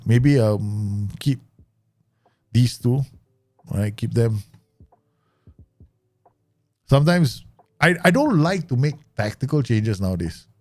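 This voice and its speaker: A man with a low, husky voice talks loosely through a live gameplay stream, wandering off into stories. He swears freely and breaks into laughs, with faint music playing underneath. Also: mellow. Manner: rambling, swears, laughs often. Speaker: game streamer. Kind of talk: casual live gameplay commentary.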